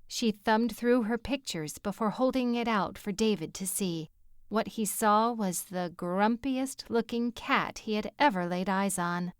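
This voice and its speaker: A woman narrating an audiobook in a measured, even storytelling manner on a close mic. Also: mid-range voice, smooth, dry recording. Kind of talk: scripted narration.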